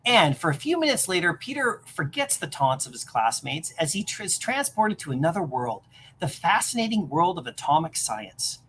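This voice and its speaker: A woman streamer reading a comic aloud on a livestream, animated, with chatty asides. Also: fairly low pitch, normal speed, slight background noise.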